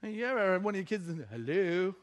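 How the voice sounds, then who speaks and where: High-voiced man preaching a lively sermon. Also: fairly quick. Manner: animated storytelling, acting out the people in his stories. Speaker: pastor. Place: church service.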